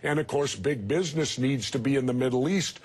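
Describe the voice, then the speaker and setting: A husky man in his sixties speaks as a television interview guest. He argues bluntly and with emphasis, and he pushes back hard on his interviewer. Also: medium pitch, brisk, a little mellow. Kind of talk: TV news interview.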